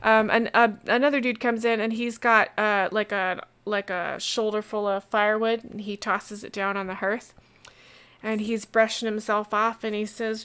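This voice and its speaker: A woman game master narrating a tabletop game in a lively, rambling way with many fillers. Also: medium pitch, normal speed, smooth.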